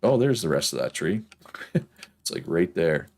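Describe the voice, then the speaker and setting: Gaming streamer, male, deep Prince Edward Island accent, loose rambling chat with laughs. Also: very animated, moderate pace, darkish tone, faint music behind. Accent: Prince Edward Island, Canadian East Coast. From Prince Edward Island, Canada. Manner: rambling, chatty, laughs often. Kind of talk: casual chat while playing a game.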